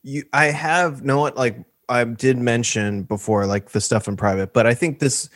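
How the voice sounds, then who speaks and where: A man's voice: medium pitch, moderate pace, a bit bright, no echo, clean studio sound. A man chatting casually on a video call, goofy and prone to joking around. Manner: goofy, breaks into song, laughs. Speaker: podcast co-host. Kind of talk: casual chat.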